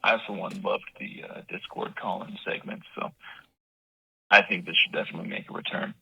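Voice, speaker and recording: A man's voice: deep voice, steady tone, brisk, gravelly, pushed and bright, husky, no echo. A man leaving an offhand, laid-back voicemail. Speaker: voicemail caller. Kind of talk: casual voicemail. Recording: muffled lo-fi voicemail.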